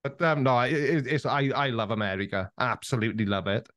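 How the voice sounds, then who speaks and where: A Welsh man chatting as a podcast guest, telling anecdotes with lively energy and frequent restarts. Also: mid-range voice, fast, dry recording, studio quality. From Wales. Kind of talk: casual interview chat.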